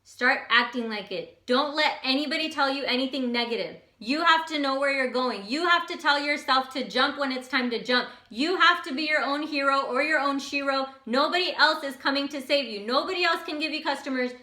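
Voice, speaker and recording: A high, bright woman's voice delivers a motivational talk with energy and emphasis, often repeating herself to drive a point home. She speaks in a casual, direct way. An echoey room surrounds her voice. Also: fairly quick, few pauses. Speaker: motivational host.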